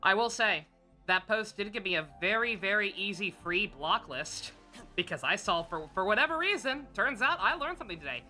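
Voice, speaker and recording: A woman streaming a game and chatting casually, sarcastic and quick to swear, with excitable outbursts. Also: mid-range voice, soft background music. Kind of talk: casual chat over gameplay.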